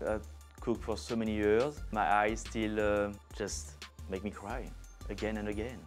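French-accented chef demonstrating a recipe. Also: male voice, lowish voice, little pitch movement, measured pace. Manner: chatty, playful, sprinkles French words. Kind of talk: cooking demonstration. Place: kitchen. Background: background music and sizzling food.

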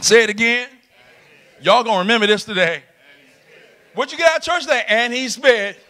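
A middle-aged man preaches in a church with a very high, bright voice. He swings between loud shouts and soft asides, and he laughs along with his congregation. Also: expressive, fairly quick. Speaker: pastor. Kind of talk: sermon. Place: church sanctuary.

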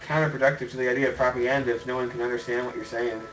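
Over background music, a streamer playing a city-building game talks at a racing pace in a level, mid-range voice. He's relaxed and jokey, cursing freely as he chats. The sound is lo-fi.

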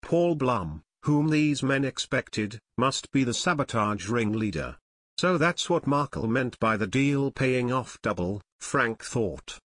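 A man reading an adventure audiobook in expressive, scripted narration. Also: medium pitch, takes it slowly, dry recording.

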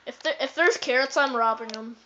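A woman chatting casually while playing a game, excitable, repeating words and breaking into sudden squeals. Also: high voice, a little fast, a little hiss or hum. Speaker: gamer. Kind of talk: casual let's-play chatter. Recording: dull lo-fi phone recording.

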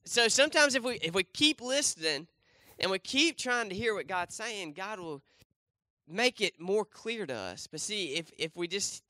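A man's voice: sits high, expressive, normal speed, bright, forceful tone, no echo. A young man preaching a casual sermon, talking to the congregation with lots of fillers and restarts and asking them questions. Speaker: pastor. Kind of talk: casual sermon with a volunteer demonstration. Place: church.

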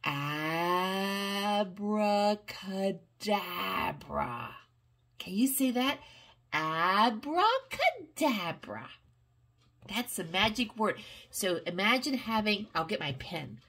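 A grandmother with a husky, mid-range voice reads a picture book aloud to a child at normal speed. She's animated and coaxing, asking questions as she goes.

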